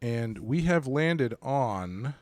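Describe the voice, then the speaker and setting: A man's voice: mid-range voice, expressive, extremely slow, darkish tone, no echo. A man co-hosting a casual horror movie podcast, rambling with lots of fillers and restarts. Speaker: podcast co-host.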